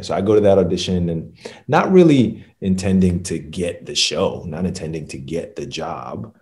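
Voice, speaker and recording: A man in his thirties, an actor, telling a relaxed, chatty story to the camera. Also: rumbling low. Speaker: actor guest. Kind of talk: casual anecdote to camera.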